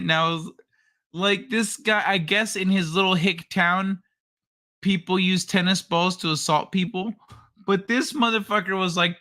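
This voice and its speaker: A man's voice: high voice, slow pace, long pauses, sharp tone. A man hosting a casual late-night livestream, telling stories with lots of swearing and laughter. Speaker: livestream host.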